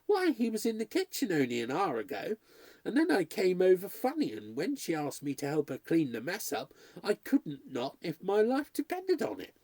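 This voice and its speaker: A man voicing a young, nervous housemaid who is excitable and gossipy, talking in a breathless, high-strung rush. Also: moderate pace, slightly rough, dry recording, heavily acted. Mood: anxious.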